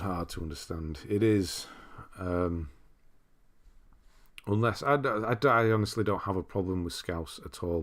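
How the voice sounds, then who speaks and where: Low-voiced man with a mild northern English accent. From northern England. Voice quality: relaxed, rambling, chuckles often. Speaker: streamer host. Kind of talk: casual livestream chat reading viewer comments aloud.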